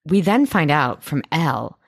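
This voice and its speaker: Lower-voiced woman gushing over a TV show. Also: moderate pace, creaky, slightly rough, no room sound, studio quality. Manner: gushing, animated, swears freely. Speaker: podcast co-host. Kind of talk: casual chat recapping a TV episode.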